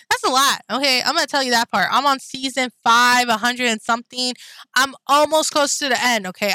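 A woman's voice: fairly high pitch, sharp tone, dry recording. A young woman vlogging casually, rambling with lots of fillers and talking straight to her viewers, blunt and swearing when riled. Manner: rambling, chatty, full of fillers and asides to viewers. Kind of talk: casual anime chat.

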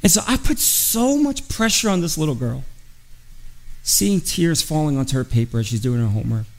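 A man's voice: fairly high pitch, animated, moderate pace, creaky, rough recording. A middle-aged man preaching as a guest pastor, telling a personal story in an earnest, confessional way and acting out the voices of the people in it. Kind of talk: storytelling sermon.

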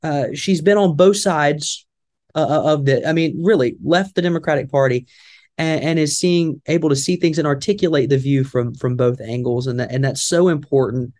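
A man's voice: a little high, moderate pace, darkish tone, no echo. A man with a Southern American drawl hosts a talk show in a rambling, folksy way, then slides into upbeat event promo. The sound is dry and close to the mic. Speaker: radio show host.

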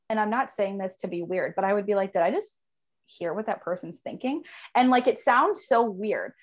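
Young woman gabbing on her podcast from her home office, laughing and swearing, just chatting away. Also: medium pitch. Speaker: podcast host. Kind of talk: casual chat.

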